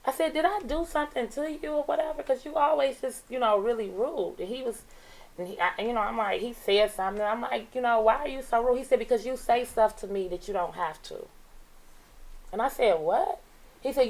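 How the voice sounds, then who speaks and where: A woman's voice: a little high, moderate pace, vocal fry, poor audio. A middle-aged woman teacher, telling classroom stories in casual talk and acting out the dialogue. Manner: animated, acts out dialogue in her stories. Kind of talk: casual storytelling on a radio talk show.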